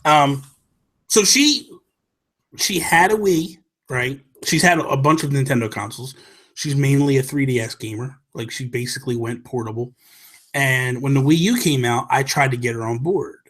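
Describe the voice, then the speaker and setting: A husky-voiced man hosts a relaxed gaming talk show. He tells stories excitedly, rambling and correcting himself as he goes, in a casual conversational tone. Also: mid-range voice, moderate pace. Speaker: podcast host. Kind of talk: casual chat, storytelling.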